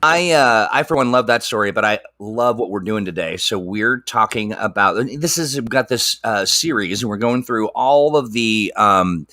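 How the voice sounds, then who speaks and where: A man's voice: on the low side, animated, moderate pace, few pauses, pushed and bright, no echo, studio quality. A man hosting a casual live stream, chatty and laughing often.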